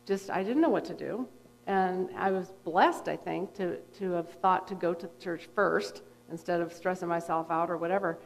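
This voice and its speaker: A middle-aged woman, a therapist and guest speaker, telling a personal story in a conversational, animated way with frequent fillers. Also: on the low side, moderate pace, vocal fry. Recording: long reverb from a hall.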